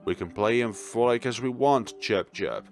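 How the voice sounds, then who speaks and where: A man voicing a small, fat, timid bird in a game, chattering and repeating itself in a high squeak. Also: moderate pace, faint music behind, lightly acted. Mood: nervous. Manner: squeaky, repeats "chirp" and its own phrases.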